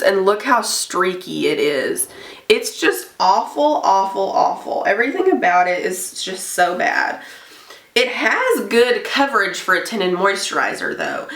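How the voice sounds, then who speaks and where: A woman's voice: medium pitch, sharp tone. A young woman, a hairstylist, chatting casually and bluntly through a makeup review, getting heated about products she dislikes. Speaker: beauty vlogger and hairstylist. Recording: echoey room, a bit far from mic.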